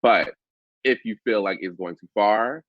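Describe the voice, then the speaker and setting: A man speaking as a podcast guest, earnest and thoughtful, pausing often with "uh". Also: fairly low pitch, no room sound. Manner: earnest and thoughtful, with frequent "uh" pauses. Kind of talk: casual podcast conversation. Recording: dull lo-fi sound.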